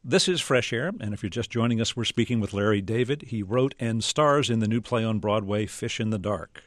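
A male radio interview host, speaking in a measured way as he sets up clips and asks questions. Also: on the low side, dry recording, studio quality.

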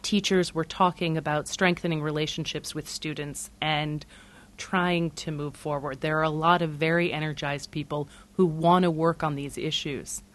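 A woman who directed a documentary, giving measured, thoughtful answers in an interview. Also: deep voice, fairly even intonation.

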